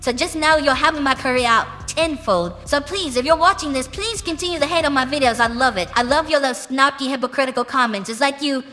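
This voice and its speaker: Bright high-voiced young woman, blunt and profane. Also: a little fast, hardly any pauses. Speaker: musician. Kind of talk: casual interview answers. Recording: reverberant with background music.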